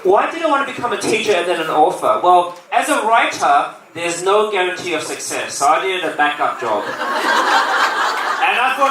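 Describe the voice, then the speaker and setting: A man's voice: sits high, very animated, moderate pace. A man, a children's author and teacher, reading from his book and answering questions with playful jokes. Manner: jokey, playful storyteller. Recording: echoey room, distant mic, faint noise.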